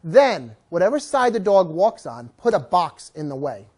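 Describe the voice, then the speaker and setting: A dog trainer giving an informal training talk, lively and often acting out what the dogs seem to be thinking. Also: mid-range voice, normal speed, slightly rough. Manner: animated, acts out what dogs are thinking.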